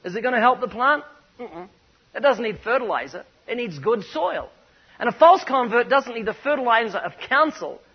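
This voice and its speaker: A man with a New Zealand accent preaches in a high, ringing voice, telling stories and driving his points home with emphatic repetition. The recording is dull and muffled. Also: sing-song, normal speed, breathy edge. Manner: storytelling, emphatic, punchy repetition. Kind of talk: sermon.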